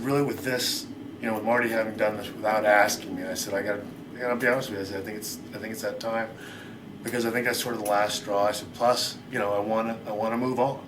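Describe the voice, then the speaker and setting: Fast-talking middle-aged man telling stories. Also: fairly low pitch, background noise. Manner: rapid, rambling, acts out quoted lines. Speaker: interviewee. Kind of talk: shoot interview storytelling.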